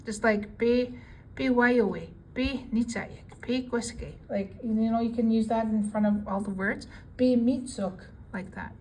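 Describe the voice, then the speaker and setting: A woman giving a casual language lesson, reading out word lists with their English meanings in a relaxed, chatty way. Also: on the high side, a little hiss or hum, low-quality recording. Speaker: language teacher.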